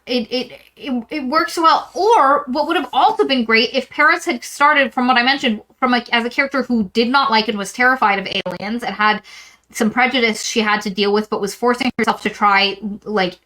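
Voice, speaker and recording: A woman co-hosting a book podcast, with a fairly high voice. She recaps a novel's plot in a rambling, animated way, slipping into the characters' lines as she goes. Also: moderate pace, low-quality recording. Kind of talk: casual book discussion.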